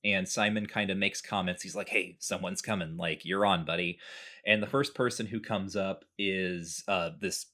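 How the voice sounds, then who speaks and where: A man's voice: sits low, moderate pace. A man casually recounting a video game playthrough to a co-host, briefly acting out the characters' lines. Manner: relaxed storytelling, acts out characters' lines. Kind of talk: casual chat.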